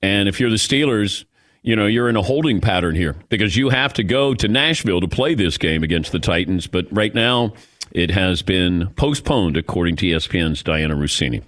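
A man hosting a sports talk radio show, introducing a guest and asking brisk questions. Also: deep voice, animated, a bit bright.

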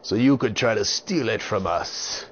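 A man voicing a boastful pirate captain who growls his lines in a gruff manner, on a dull, lo-fi recording with faint hiss. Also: lowish voice, lively intonation, unhurried, fairly bright tone.

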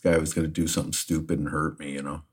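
Low-voiced man telling a wrestling story. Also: quick pace. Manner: animated anecdote teller, laughs often. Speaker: podcast co-host, retired wrestler. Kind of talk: casual storytelling.

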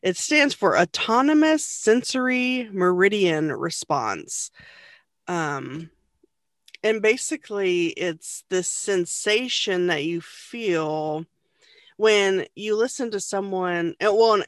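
A woman being interviewed as a podcast guest, soft-spoken and self-conscious, laughing often as she talks. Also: medium pitch, slow pace, no echo, studio quality.

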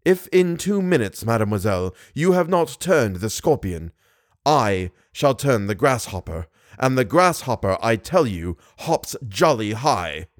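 A man voicing a coldly deliberate masked menace. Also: medium pitch, big pitch swings, no echo, clean studio sound. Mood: coldly menacing. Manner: slow, deliberate, icily composed. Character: cold, menacing masked male genius, calm.

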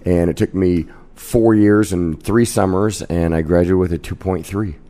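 A man in his fifties from Kansas, a casino host telling lively stories as a guest in a podcast interview. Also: deep voice, normal speed. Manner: brash, animated anecdote-teller.

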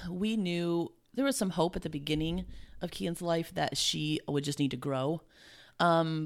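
Low gravelly-voiced woman, emotional. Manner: emotional, halting, many restarts. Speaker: guest. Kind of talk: heartfelt conversation.

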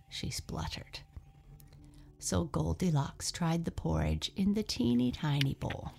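A woman reads a children's storybook aloud at an unhurried pace, her lowish voice swinging widely in pitch. A gravelly fry runs under her words, and her asides fall to a soft breath. Faint music plays behind her. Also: in a whisper. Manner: slow, expressive, drops to soft breathy asides. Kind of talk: storybook reading.

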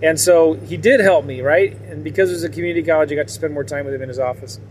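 A man chats candidly to his audience, wandering from point to point and chuckling often. His voice sits a bit high for a man. A faint hum of traffic and ambient noise runs under him. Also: quick pace, darkish tone. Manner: rambling, candid, laughs often. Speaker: vlogger. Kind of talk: casual monologue to viewers.

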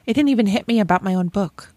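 A woman hosts a podcast interview in a chatty way and talks straight to her listeners. Her voice has a middle pitch and is recorded dry and close. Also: fast, dark tone, no echo. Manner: friendly, chatty, addresses listeners. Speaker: podcast host. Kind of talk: casual interview chat.

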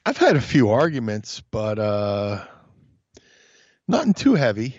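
In a dull lo-fi recording with no room sound, a man on the low side speaks a little slowly. He's a podcast guest chatting casually, animatedly telling stories full of swearing and impressions of other people.

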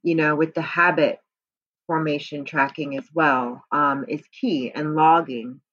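Husky, very low-voiced woman. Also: steady tone, a little slow, a bit bright, dry recording, muffled recording. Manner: rambling, many restarts and "you know what I mean". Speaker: weight-loss program co-host. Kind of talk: casual podcast chat.

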